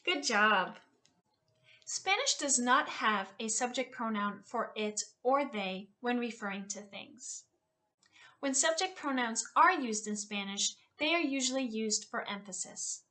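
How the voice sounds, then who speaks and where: A woman tutor teaching a language lesson over a headset mic, repeating each word slowly for her learners. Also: fairly high pitch, expressive, bright, forceful tone. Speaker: Spanish tutor. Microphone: USB headset.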